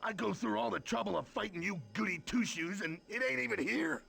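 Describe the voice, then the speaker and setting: An actor playing a hulking, hotheaded male villain in a video game, with a gravelly, blustering voice. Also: high voice, fairly quick, sharp tone, faint music behind, heavily acted. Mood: indignant.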